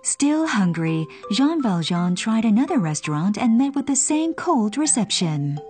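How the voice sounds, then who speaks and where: Mellow expressive woman narrating a storybook. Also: fairly high pitch, measured pace, faint music behind.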